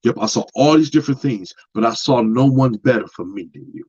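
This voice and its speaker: Husky guy, preachy relationship talk, kinda muffled lo-fi audio. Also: mid-range voice, lively intonation, brisk, mellow. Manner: preachy, plain-spoken, repeats himself. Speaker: podcast host. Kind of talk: casual monologue on relationships.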